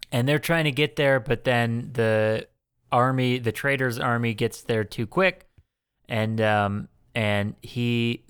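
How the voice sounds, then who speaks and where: Smooth-voiced man in casual podcast chat. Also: medium pitch, fairly bright tone, no echo, clean studio sound. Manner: rambling, profane, many fillers. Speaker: podcast co-host. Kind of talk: casual movie-review chat.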